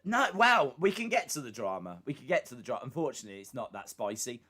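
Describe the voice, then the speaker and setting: A man's voice: mid-range voice, big pitch swings, quick pace, bright, forceful tone. A man with a British accent co-hosting a live stream, chatting casually in a playful, teasing way. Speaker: podcast co-host.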